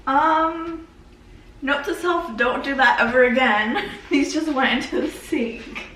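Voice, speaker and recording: A woman's voice: high voice, slow pace, fairly bright tone, slight background noise, low-quality recording. A young adult woman chatting casually to camera in a daily vlog, often cooing at her cat. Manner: chatty, talks baby-talk to her cat. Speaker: vlogger.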